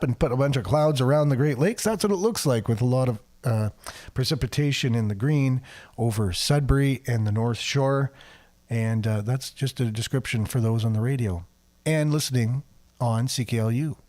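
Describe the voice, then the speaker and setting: A man's voice: mid-range voice, moderate pace, a little mellow. A man hosting a local radio show, reading a weather forecast with chatty, sarcastic asides and frequent fillers.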